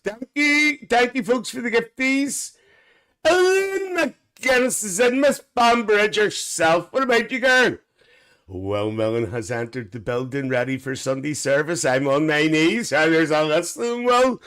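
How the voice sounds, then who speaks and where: A man's voice: sits high, animated, unhurried, a bit bright, clean tone. A man playing a cheeky, gossipy Northern Irish aunty with a Northern Irish accent, hosting a live stream in chatty, bawdy banter full of cackles.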